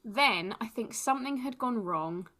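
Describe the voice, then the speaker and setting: An English woman co-hosting a podcast, telling a story in casual chat with animated delivery and frequent laughter. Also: a little high, a little slow. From England. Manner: animated, laughs often, acts out quotes. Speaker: podcast co-host.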